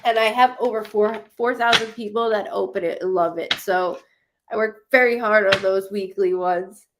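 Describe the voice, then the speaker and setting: Over background noise, a woman with a mid-range voice and fairly even intonation speaks at a moderate pace while hosting a psychic live stream. She goes through viewers' comments, chatting with them casually and effusively.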